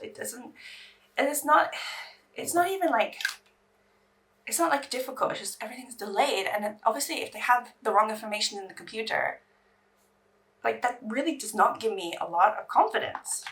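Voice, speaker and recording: A woman's voice: mid-range voice, animated, moderate pace, creaky, pauses often, a bit bright, recorded from a distance. A woman beauty vlogger in casual get-ready-with-me chat, rambling and anxious as she talks.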